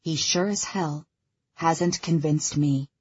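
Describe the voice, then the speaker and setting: Woman audiobook narrator, first-person, wry expressive delivery, dry dull lo-fi recording. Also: low voice, takes it slowly, slightly rough, no room sound.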